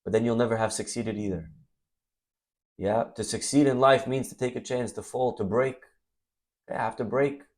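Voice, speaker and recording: A man's voice: mid-range voice, normal speed, long pauses. A man teaching as a rabbi, delivering a sermon full of acted-out stories and sudden bursts of energy. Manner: animated storytelling, acts out scenes. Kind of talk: Torah class sermon.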